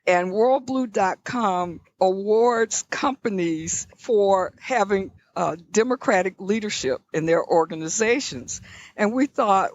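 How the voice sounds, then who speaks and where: An older woman from the American South, guest on an interview, telling personal stories in a reflective, measured way with frequent restarts. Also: medium pitch, expressive, highs cut off. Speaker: guest, leadership scholar. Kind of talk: conversational interview storytelling.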